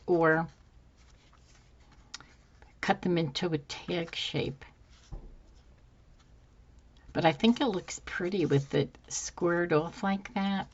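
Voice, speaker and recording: A woman hosting a craft tutorial, musing softly to herself as she works, her voice a little hoarse. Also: on the low side, lo-fi sound. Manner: soft-spoken, musing aloud while working. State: slightly hoarse, losing her voice. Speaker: craft channel host. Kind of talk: casual craft tutorial chat.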